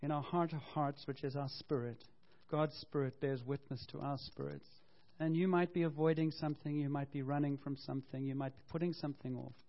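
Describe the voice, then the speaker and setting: A man preaching a sermon as pastor, animated and storytelling, acting out quotes and correcting himself as he goes. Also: fairly high pitch, fairly quick. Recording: dull lo-fi sound.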